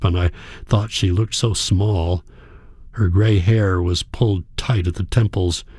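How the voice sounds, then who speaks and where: A man reading a novel aloud in a measured, reflective storytelling manner. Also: fairly low pitch, dark tone, no echo, clean studio sound. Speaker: audiobook narrator. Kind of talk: scripted narration.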